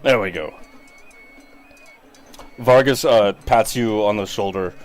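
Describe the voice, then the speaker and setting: A man narrating as game master of a tabletop game, in a relaxed and searching way full of ums. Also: on the low side, slow, faint music behind.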